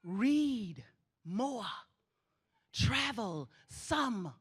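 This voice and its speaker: A woman's voice: on the high side, very animated, very slow, husky. A middle-aged woman giving a spirited commencement address on a theatre stage, with an emphatic preaching cadence and repeated exhortations. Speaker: graduation ceremony speaker.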